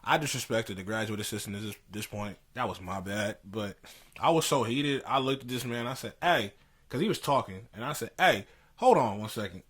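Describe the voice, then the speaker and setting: A man's voice: on the low side, brisk, a bit bright, slightly rough. A young man co-hosting a podcast, telling a story in casual slangy chat and laughing as he goes. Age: young adult. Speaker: podcast co-host. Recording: poor audio.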